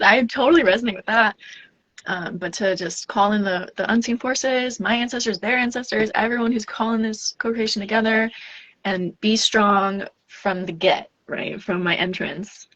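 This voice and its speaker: A woman's voice: medium pitch, fairly bright tone, no room sound, lo-fi sound. A woman speaking as a death doula guest in a casual podcast conversation, earnest, reflective and spiritual.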